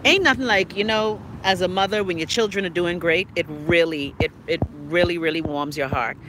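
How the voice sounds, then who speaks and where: Bahamian lady on a phone live stream, bright and sharp, cussing and venting, faint noise behind. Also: normal speed. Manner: blunt, profane and exasperated, with sharp pitch swings. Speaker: live stream show host. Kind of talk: casual live stream chat reading comments.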